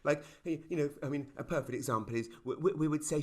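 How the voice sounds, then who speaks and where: A middle-aged British man doing a stand-up routine over a video call, telling stories with quick asides and punchy lines. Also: a little high. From Britain. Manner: animated storytelling with quick asides and sudden loud punchlines. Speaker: stand-up comedian. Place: home in a small town, performing over a video call.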